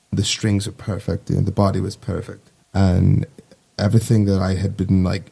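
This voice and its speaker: A man's voice: deep voice, vocal fry, a little mellow, breathy edge. A man in his twenties, a navy sailor telling stories as a guest in a casual podcast conversation, rambling and easygoing with lots of fillers. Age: 20s.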